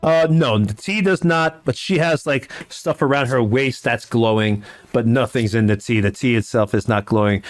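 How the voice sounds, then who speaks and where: A man's voice: medium pitch, moderate pace, few pauses, faint music behind. A man narrating as game master, rambling and restarting his sentences often. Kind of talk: narrating a tabletop game over a video call.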